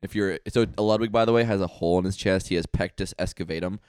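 A man's voice: sits low, fast talker, clear, resonant tone, no echo, studio quality. A man co-hosting a podcast, joking in casual chat. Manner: joking, animated. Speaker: podcast co-host.

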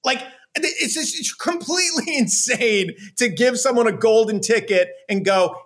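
A man's voice: sits high, animated, measured pace, few pauses, fairly bright tone. A man co-hosting a casual sports chat, ranting with sarcasm, laughing and swearing. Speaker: podcast co-host.

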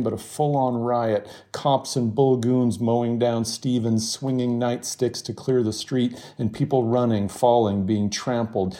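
A man, a novelist, reading from his novel in a steady, measured voice and then chatting in an interview. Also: mid-range voice. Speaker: novelist guest.

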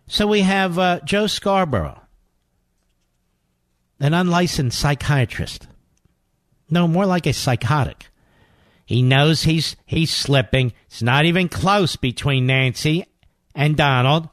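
A man's voice: on the high side, lively intonation, unhurried, pauses often, no room sound, studio quality. A man hosting a political talk radio show, commenting in a sarcastic, mocking way and breaking into exclamations.

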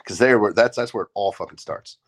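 A man with a stuffed-up nose, co-hosting a casual sports podcast and talking in a laid-back, halting way, with plenty of swearing. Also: on the low side. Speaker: podcast co-host.

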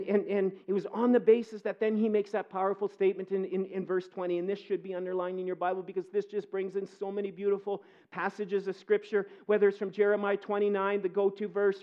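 A man preaching a sermon as pastor, earnest, moving between quiet reflection and impassioned pleading. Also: high voice, muffled recording.

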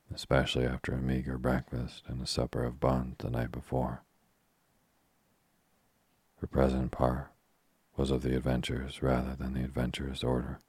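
A man narrates a classic novel as a sleep story in a slow, soothing, steady way. His voice is extremely deep and breathy-husky, with almost no melody. The recording is close and completely dry. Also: dry recording. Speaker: audiobook reader.

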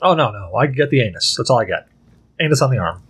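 A man hosting a podcast, chatting casually and telling animated, joking stories. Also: medium pitch, fast talker, breathy edge. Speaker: podcast host. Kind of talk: casual chat.

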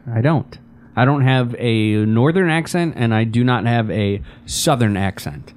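A man's voice: mid-range voice, a little slow. A man co-hosting a casual sports podcast, telling stories in a dry, laid-back way and swearing casually. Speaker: podcast producer and co-host.

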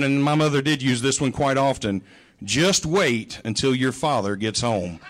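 A man's voice: high-pitched, a bit bright. A middle-aged male pastor giving a sermon, telling humorous, folksy stories about his mother.

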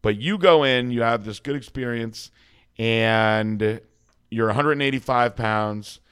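Male interview host, probing, rewords his questions mid-sentence, mid-pitched. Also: unhurried, fairly bright tone, smooth.

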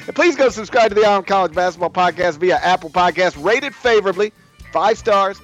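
A man co-hosting a podcast in casual chat, halting with many fillers and laughing often. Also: sits high, a bit bright, lo-fi sound, soft background music. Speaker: podcast co-host.

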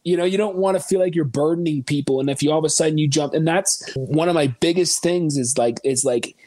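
Man, slightly higher voice, earnest and reflective podcast guest, dry close mic. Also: a little fast, darkish tone, no room sound. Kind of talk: casual podcast chat.

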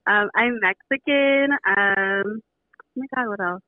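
A woman's voice: mid-range voice, slow, no room sound. Giggly young woman on a tinny phone line. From San Jose, California. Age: 20s. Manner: giggly, gushing fan. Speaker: caller. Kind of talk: phone call chat.

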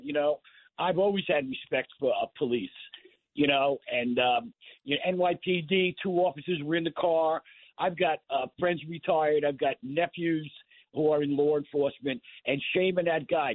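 A man's voice: fairly high pitch, no room sound. Older man caller on a phone line. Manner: conversational, storytelling. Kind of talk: call-in radio talk.

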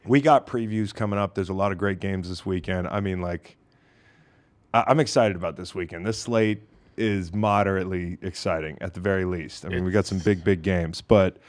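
A man hosting a casual sports podcast in a studio, telling stories loudly and laughing often. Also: deep voice, steady tone. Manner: loud, laughing, rapid storytelling. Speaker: podcast host.

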